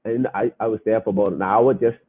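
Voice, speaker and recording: A man's voice: lowish voice, steady tone, fast, breathy edge. A man hosting a podcast in casual talk to his listeners, speaking emphatically and repeating phrases as he makes his point. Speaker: podcast host. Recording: tinny phone-line sound.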